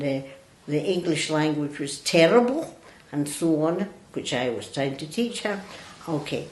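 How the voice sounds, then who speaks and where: An older woman, a religious sister, recalls her past in an unhurried, thoughtful way. Her voice sits a little low and comes with restarts and small hesitations. The room around her rings noticeably. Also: darkish tone. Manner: slow, reflective, with restarts and hesitations. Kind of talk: reflective personal storytelling in an interview. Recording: roomy echo.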